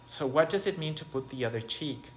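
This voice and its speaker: A man delivers an informal sermon at a mid-range pitch. He speaks haltingly and often restarts his phrases. He keeps turning to rhetorical questions, with a faint noise in the background. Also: animated. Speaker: preacher giving a spiritual talk. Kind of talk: informal sermon, spoken meditation.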